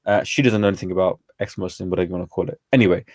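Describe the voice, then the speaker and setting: A man's voice: sits low, steady tone, rapid-fire, a little mellow, no room sound, clean studio sound. A man, a guest telling stories in a casual, slangy way full of fillers. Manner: chatty, informal, peppered with slang and fillers. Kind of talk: casual storytelling conversation.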